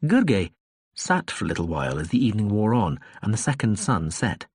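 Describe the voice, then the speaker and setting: A man narrating an audiobook in a calm storytelling manner. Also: lowish voice, brisk, breathy edge, no echo, clean studio sound. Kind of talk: scripted narration.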